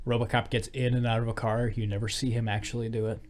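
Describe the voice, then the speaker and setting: Animated man chatting about movies. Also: medium pitch, fast, a little hiss or hum. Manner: animated retelling, mimics lines in raised voices. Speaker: podcast co-host. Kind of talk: casual movie-talk podcast chat.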